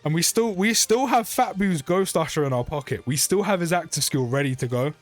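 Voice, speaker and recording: A young British man giving chatty, excitable gameplay commentary for his channel, often rambling and correcting himself. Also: on the high side, brisk, faint music behind. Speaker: mobile game YouTuber.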